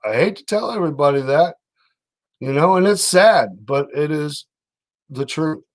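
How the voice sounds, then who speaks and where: A man's voice: fairly high pitch, animated, moderate pace. A man giving casual, blunt commentary on news clips, rambling with fillers.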